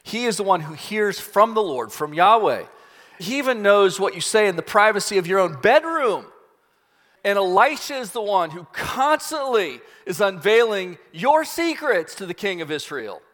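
A man's voice: high-pitched, very animated, normal speed, fairly bright tone, big-room sound, voice pushed up. A man doing an earnest court servant.

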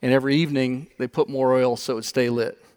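An older man preaching a sermon, telling stories with animated warmth and frequent chuckles. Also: mid-range voice, fast talker, clear, resonant tone. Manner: animated storytelling, chuckles often. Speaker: pastor.

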